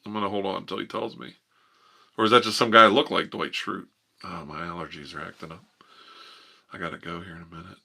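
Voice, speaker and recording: A man hosting a live ASMR stream, chatting softly and playfully with viewers and rambling. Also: low voice, fairly even intonation, fast talker, vocal fry, pauses often.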